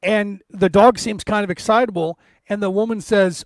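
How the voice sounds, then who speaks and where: A man co-hosting a podcast over a video call, telling an anecdote in a lively way and acting out the people in it. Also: high-pitched, moderate pace, no room sound. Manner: animated storyteller, acts out quotes. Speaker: podcast co-host. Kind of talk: casual storytelling chat.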